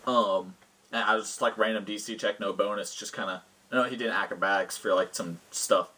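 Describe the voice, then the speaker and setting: Man, game master retelling a tabletop game session, casual and rambling, husky voice. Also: fairly low pitch, fairly even intonation, brisk, sharp tone, poor audio. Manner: rambling, full of fillers. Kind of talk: casual storytelling.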